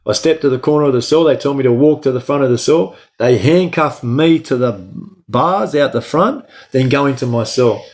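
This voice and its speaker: A man with an Australian accent tells a story in a conversational interview. He talks bluntly, swears a lot, and keeps tagging his sentences with a quick "right?". His pitch sits in the middle range. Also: darkish tone. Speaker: guest recounting his time in prison.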